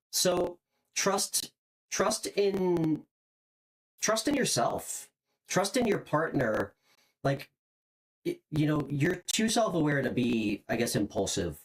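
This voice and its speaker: Tarot reader, live-stream host, casual reading, gentle and encouraging, halting with fillers, animated pitch. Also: rough recording. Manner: gentle and encouraging, many "um" and "like" fillers, repeats words while searching.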